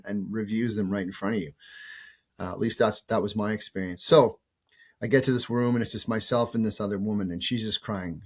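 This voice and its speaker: A man in his fifties, a show host who is sick with a cold, telling a personal story in a casual, rambling way with restarts and the odd swear word. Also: on the low side.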